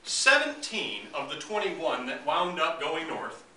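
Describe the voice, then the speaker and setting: A male history lecturer talks to an audience in an echoey hall, his voice high, bright and sharp. He swings widely in pitch and mimics the people he describes for laughs. The mic is some distance away, with faint room noise behind him. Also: unhurried. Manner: animated, joking, acts out voices of both sides. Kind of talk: public lecture.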